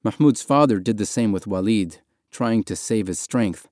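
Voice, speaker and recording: A man's voice: on the low side, no room sound, clean studio sound. Somber man narrating an audiobook. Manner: quiet, measured, somber reading. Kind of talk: scripted narration.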